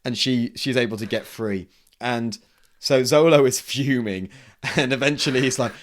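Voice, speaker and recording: A man's voice: medium pitch, normal speed. Man, podcast co-host, casual, giggly, bursts into character voices. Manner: laughing often, acting out characters' lines in bursts. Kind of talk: casual chat about manga.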